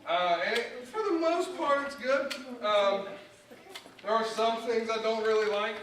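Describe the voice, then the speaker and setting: A man's voice: high-pitched, a little slow, a bit bright, slight background noise. A young man doing stand-up in a church, telling self-mocking family stories and acting out the dialogue. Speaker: guest comedian. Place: church sanctuary. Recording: echoey church hall from far off.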